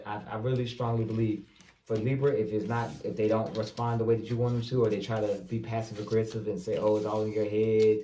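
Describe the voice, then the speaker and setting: A man's voice: on the low side, mellow. Man giving a tarot reading, roomy and distant. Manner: loose, repeats himself, talks straight to viewers. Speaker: tarot reader. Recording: roomy, distant mic with faint noise.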